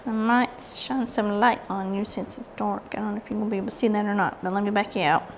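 A fast-talking woman with a medium-pitched, fairly even voice and a Southern US accent hosts a casual craft video. She rambles, chats, and teases herself while working, with slight background noise.

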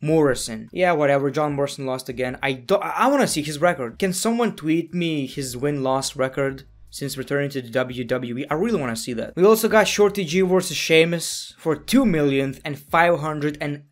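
A man recapping a wrestling show in a casual voice-over, excitable and jokey with sarcastic asides. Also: on the high side, normal speed, few pauses. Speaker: wrestling reviewer. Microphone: voice-over, no camera.

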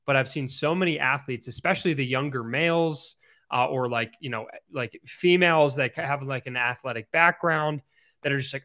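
A man's voice: mid-range voice, a little fast, bright, forceful tone. A man co-hosting a podcast, talking casually and telling long rambling stories. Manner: rambling, chatty storyteller. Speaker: podcast co-host.

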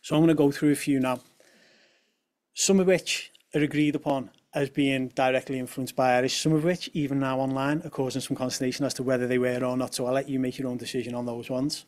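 A young man presents a talk to a room of listeners. His voice sits at an ordinary middle pitch, and he keeps things light with humorous asides. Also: level tone, fast talker, darkish tone. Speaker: speaker at a talk on language.

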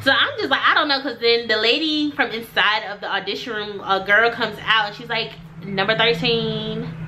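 A young woman recounts a story to her viewers in an animated, chatty way. Her voice sits high and sounds bright and sharp. A faint background hum runs underneath. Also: fairly quick. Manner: animated, acts out quotes. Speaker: vlogger. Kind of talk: storytime vlog.

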